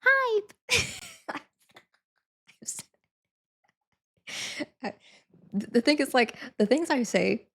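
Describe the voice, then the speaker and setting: A woman's voice: a little high, lively intonation, slow, creaky, pauses often, a little mellow. A young adult woman chatting casually on a live stream, laughing often, saying "like" a lot and thanking viewers again and again.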